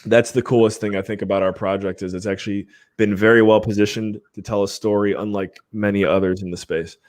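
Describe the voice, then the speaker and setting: A man's voice: on the low side, fairly even intonation, fairly quick, a little mellow. A man hosting a live podcast stream, chatting casually in an upbeat way and laughing often. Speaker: podcast host.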